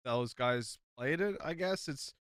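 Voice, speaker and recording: A man's voice: medium pitch, lively intonation, measured pace, fairly bright tone, clean tone, dry recording, clean studio sound. An Irish man, an esports caster, talking bluntly and emphatically in casual podcast chat, swearing freely.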